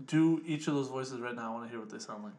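A man's voice: medium pitch, quick pace, a little mellow. A man co-hosting a podcast, chatting casually in a pushy, teasing way and often cutting in. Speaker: podcast co-host. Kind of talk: casual chat.

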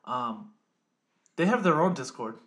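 A man's voice: mid-range voice, very animated, a little slow, fairly bright tone. A man co-hosting a casual podcast, bantering, laughing often and swearing freely. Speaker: podcast co-host. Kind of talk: casual chat.

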